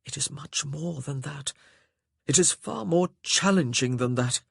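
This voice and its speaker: Dude doing a moody tortured nobleman, low and strained, husky, dry close mic. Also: a little slow, dry recording, heavily acted. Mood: brooding. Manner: low, strained, rising to forceful outbursts. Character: brooding tormented nobleman, volatile. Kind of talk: audiobook character voice.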